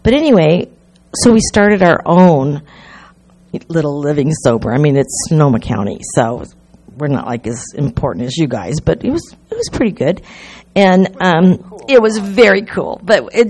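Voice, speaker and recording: A woman's voice: low voice, a little mellow. An older woman speaking at a recovery gathering, telling her story in a rambling, chatty way with many restarts. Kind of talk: personal storytelling talk.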